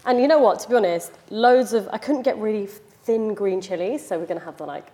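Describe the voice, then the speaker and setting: A woman talks casually as she cooks in her own kitchen. Her voice sits in an ordinary middle pitch. She is chatty and loose, filling her speech with "like" and "you know". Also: fairly quick, warm tone. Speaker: chef and podcast guest. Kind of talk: casual chat while cooking. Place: home kitchen.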